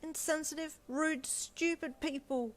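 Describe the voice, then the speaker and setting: A woman's voice: moderate pace, lightly acted. A woman voicing an upset young pregnant wife. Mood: angry. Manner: high, agitated, tearful. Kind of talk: audio fanfiction role-play.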